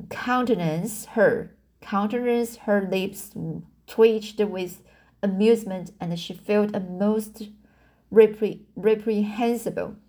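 A woman's voice: mid-range voice, darkish tone. A woman reading a novel aloud, stopping to restart words and explain passages. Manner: halting, with restarts and self-corrections. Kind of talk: slow read-aloud with commentary.

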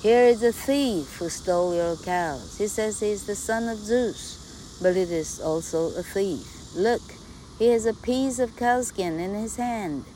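A woman playing an excitable satyr chief. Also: medium pitch, unhurried, slight background noise, natural voice, rough recording. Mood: excited. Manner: cries out eagerly. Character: excitable male satyr leader.

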